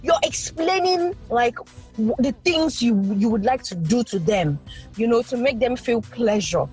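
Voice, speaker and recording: A husky young woman with a higher-pitched voice, chatting as a podcast guest. She speaks frankly and with emphasis, and now and then she breaks into quick, lively bursts. Faint music plays in the background. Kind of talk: candid casual chat.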